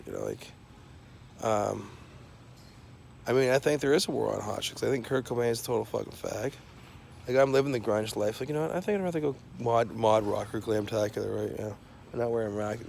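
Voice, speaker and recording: A man's voice: on the low side, vocal fry, slight background noise. A man delivering a profane, rambling comic rant full of fillers and restarts. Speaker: self-described scientist.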